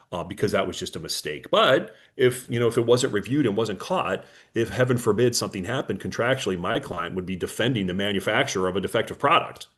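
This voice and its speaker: Low-voiced man explaining contracts casually. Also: fast, hardly any pauses, fairly bright tone. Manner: anecdotal, acts out client dialogue, many fillers. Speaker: attorney presenting a business webinar. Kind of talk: conversational webinar presentation.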